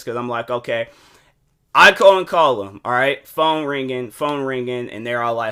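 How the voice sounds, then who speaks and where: A man's voice: mid-range voice, normal speed, pushed and bright. A young man hosting a solo podcast, rambling casually with slang, lots of fillers and restarts, and acting out both sides of phone calls. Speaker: podcast host.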